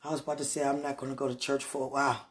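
A woman lying in bed, praying aloud in a moaning, pleading way, drifting between hushed whispers and loud protests. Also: extremely low pitch, flat delivery, racing. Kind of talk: emotional spoken prayer monologue.

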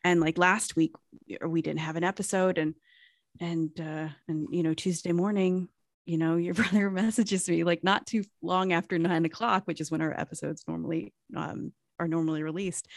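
Low, gravelly woman rambling on a podcast. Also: fairly even intonation, normal speed, dry recording, clean studio sound. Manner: rambling, many fillers and restarts. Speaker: podcast co-host. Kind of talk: casual chat.

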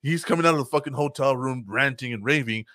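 A man's voice: medium pitch, fast, no room sound. Guy swearing thru a wild story, mid voice, dead dry mic. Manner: profane, animated storytelling with loud acted-out quotes. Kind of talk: casual chat.

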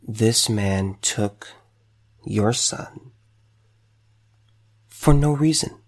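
Gravelly, halting man near tears. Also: on the low side. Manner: halting and stammering, with many repeated words. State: choked up, fighting back tears. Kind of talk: emotional direct-to-camera commentary.

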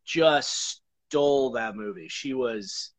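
Rich: A man chatting as a guest in a loose, halting way. He searches for words and trails off, filling the gaps with ums and restarts, in a voice of ordinary pitch. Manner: hesitant, halting, many fillers. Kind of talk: casual chat.

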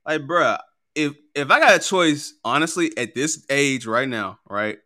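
A man co-hosting a casual music talk show, animated, slangy and quick to laugh. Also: mid-range voice.

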